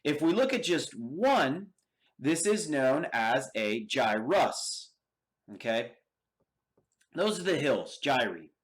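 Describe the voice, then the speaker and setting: An American man teaching an anatomy lab, explaining step by step and checking in with his students often. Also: mid-range voice. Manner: slow and deliberate, checks in with okay and all right. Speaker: anatomy instructor. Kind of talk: lab demonstration lecture.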